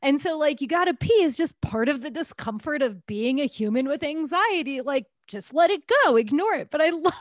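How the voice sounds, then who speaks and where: A woman co-hosting a podcast, chatting casually and giving steady supportive responses. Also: sits high, brisk, hardly any pauses, no room sound, studio quality. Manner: supportive listener with frequent backchannel responses. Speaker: podcast co-host. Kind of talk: casual conversation.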